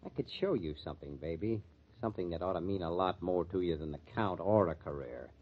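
An actor playing a sarcastic, tough-talking club owner in a 1940s radio drama. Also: male voice, low voice, expressive, fast. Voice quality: sneering, tough-guy slang. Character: gruff, sarcastic male club owner, middle-aged, bitter. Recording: muffled old radio recording.

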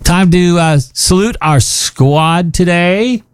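A man's voice: sits high, takes it slowly, smooth, dry recording. A man hosting a radio show, bantering in a playful, hammy way into a studio microphone.

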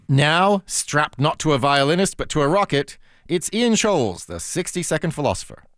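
A man's voice: fairly high pitch, big pitch swings, moderate pace, a bit bright, no echo, studio quality. A man hosting a public radio talk show, wry and playful.

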